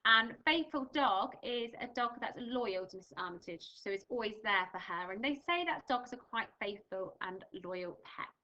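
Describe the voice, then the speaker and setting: A woman's voice: a little high, animated, moderate pace, few pauses, bright, forceful tone, highs cut off. A young English woman teaching a primary school reading lesson, patiently explaining words and reading a storybook aloud with expression. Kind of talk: recorded remote reading lesson.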